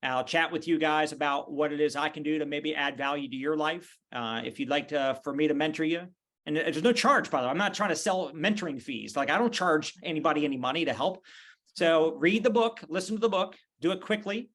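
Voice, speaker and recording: A man's voice: on the high side, a little fast. A middle-aged man as a podcast guest, telling stories casually and acting out the voices of people in his anecdotes. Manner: animated, acts out voices in anecdotes. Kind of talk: casual storytelling interview. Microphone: video call.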